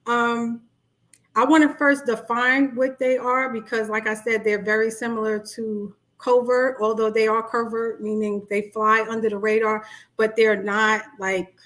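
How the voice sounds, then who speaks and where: Chatty Brooklyn woman, high voice. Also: level tone, a little slow, fairly bright tone. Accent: New York. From Brooklyn, New York. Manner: chatty, greets commenters by name. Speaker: life coach. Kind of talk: casual livestream talk.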